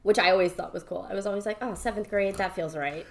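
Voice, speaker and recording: A woman in her thirties hosting a podcast in casual chat, telling animated stories that she breaks up with laughter. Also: medium pitch, fast talker, vocal fry. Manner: laughs often, animated storytelling with put-on voices. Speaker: podcast host.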